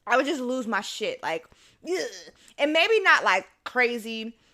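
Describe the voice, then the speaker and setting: A woman, hosting a casual solo podcast and telling stories in a lively, profane way while she eats. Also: a little high, unhurried. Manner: animated storytelling, swears freely, mimics her own voice. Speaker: podcast host.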